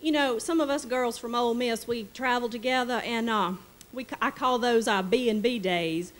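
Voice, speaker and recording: A woman's voice: on the high side, normal speed, pitched above the performer's own voice, natural voice, low-quality recording. A woman playing a chatty, nosy older Southern widow from the Mississippi Delta with a gushing, drawling manner. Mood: curious. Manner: gushing, drawling, fond of "darling".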